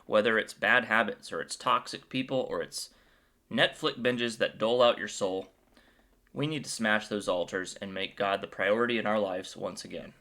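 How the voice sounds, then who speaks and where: A man's voice: lowish voice, normal speed, sharp tone. A man hosting a casual Bible commentary, upbeat and playful, cracking jokes as he retells the chapter. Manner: playful and joking; upbeat and enthusiastic. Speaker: Bible video host.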